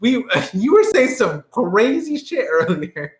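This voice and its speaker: A man's voice: extremely high pitch, sing-song, takes it slowly. A man co-hosting a podcast, in casual chat full of crude jokes, laughing often. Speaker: podcast co-host. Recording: roomy echo.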